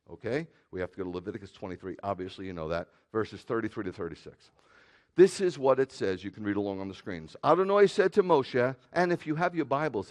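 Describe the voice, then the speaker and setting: A man preaching as rabbi to a congregation, animated and joking, swinging from loud outbursts to quiet asides. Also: lowish voice. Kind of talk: sermon.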